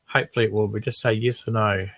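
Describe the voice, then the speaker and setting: A man from New Zealand co-hosting a beekeeping podcast, upbeat and chatty with quick affirmations. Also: fairly low pitch, steady tone, no echo. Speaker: podcast co-host. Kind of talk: casual live Q&A chat.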